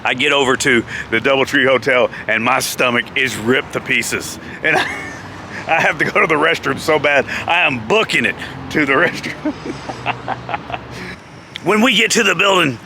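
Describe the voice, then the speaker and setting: A man vlogging outdoors beside a parking lot, telling a story in a lively, laughing way through a lapel mic. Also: mid-range voice, moderate pace, background noise. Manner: animated, laughs often. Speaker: vlogger, former pro wrestler. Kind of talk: casual storytelling.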